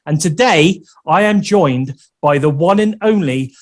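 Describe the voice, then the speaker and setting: A man with an English accent hosting a casual interview podcast, chatty and filling pauses with um and uh. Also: a little high, animated. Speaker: podcast host.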